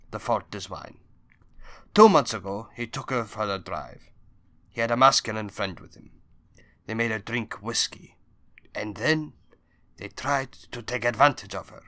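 A man reading an audiobook, voicing a grieving older undertaker who pleads in a low, quiet voice. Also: no echo. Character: grieving older male undertaker begging for justice.

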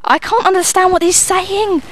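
This young woman's live gameplay commentary comes in a very high voice at normal speed with a steady tone. Her running banter is sweary and self-mocking.

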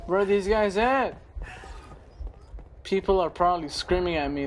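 A young man giving rambling, excitable live commentary while he plays a shooter game, swearing now and then. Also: high-pitched, normal speed, slight background noise. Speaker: gaming channel host.

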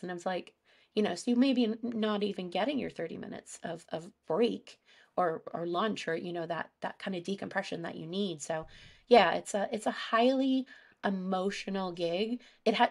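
A woman speaking as a guest on a casual podcast, recounting her experiences openly with plenty of fillers. Her voice has a gravelly, fry-tinged edge at a middling pitch. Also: moderate pace. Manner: candid, storytelling, many fillers. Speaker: guest animal behaviorist.

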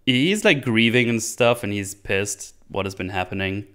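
A man's voice: on the low side, lively intonation, normal speed, a bit bright, clear, resonant tone. A man hosting a casual solo movie recap, rambling and laughing often, with many restarts. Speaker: podcast host reviewing a movie.

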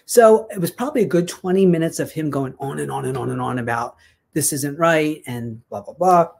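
Woman, casual storytelling, chatty, animated, lots of restarts. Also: deep voice, fairly quick, creaky, breathy edge. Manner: chatty, animated retelling with many fillers and restarts. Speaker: guest sharing a success story.

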